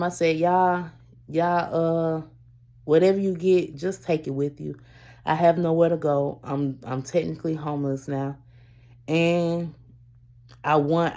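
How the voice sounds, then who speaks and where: A woman vlogger telling a personal story to camera in a rambling, halting way, often calling her viewers y'all and breaking off to restart. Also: deep voice, dark tone. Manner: restarts and trails off.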